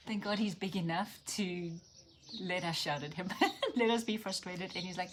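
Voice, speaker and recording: A woman giving an earnest, animated devotional teaching that keeps checking in with the listener and drops into soft, near-whispered asides. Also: on the low side, moderate pace, a little hiss or hum. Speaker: Christian speaker and teacher.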